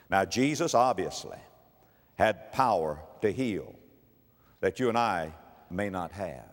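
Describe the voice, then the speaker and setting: Preacher with a lively, soaring voice. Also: male voice, long reverb tail. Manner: dramatic preaching with sudden drops to a hushed, low delivery. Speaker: pastor. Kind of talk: sermon.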